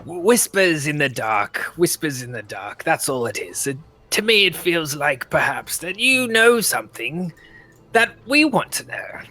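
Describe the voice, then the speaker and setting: A man's voice: medium pitch, moderate pace, a bit bright, lightly acted. A man putting on a cryptic old man with a wandering accent. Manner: accent wavers between British and Russian.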